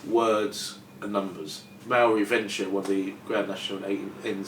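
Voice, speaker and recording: A man's voice: lowish voice, flat delivery, measured pace, a bit bright, a little hiss or hum. A British man talks casually in a dry, amused way about quizzing. He is picked up from some distance. There is a roomy echo and a faint outdoor ambience behind him. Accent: British English. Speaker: guest, professional quizzer. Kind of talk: casual interview chat. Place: outdoors by the sea.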